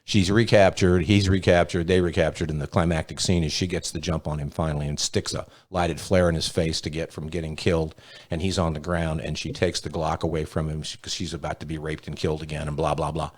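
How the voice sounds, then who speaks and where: A man's voice: extremely low pitch, flat delivery, fairly quick. A man hosting a casual podcast chat, telling stories in a rambling, profane way. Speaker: podcast host.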